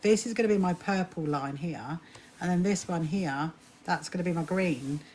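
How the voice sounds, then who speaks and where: A woman's voice: fairly low pitch, moderate pace, darkish tone, a little hiss or hum. A woman hosting a casual sewing live stream, chatty, often restarting her sentences and greeting viewers by name. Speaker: livestream host. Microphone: phone or camera on a live stream.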